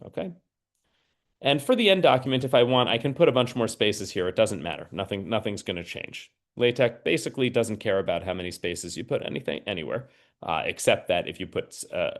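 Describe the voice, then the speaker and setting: A man's voice: on the low side, sing-song, fairly quick. A man teaching a screen-share lesson, explaining each step patiently and checking in with listeners. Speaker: mathematics teacher trainer.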